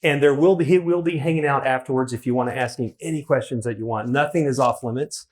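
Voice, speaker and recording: A man's voice: medium pitch, quick pace, a crowd in the background. A man hosting a live onstage conversation, talking in a rambling way and correcting himself as he goes. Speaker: host, interviewer. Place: event hall with audience.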